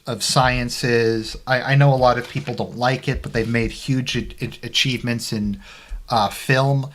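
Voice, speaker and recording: Here a man reacts to a news article as a political commentary vlogger, his talk casual, meandering and thick with fillers and sarcasm. The voice is medium in pitch and a bit bright.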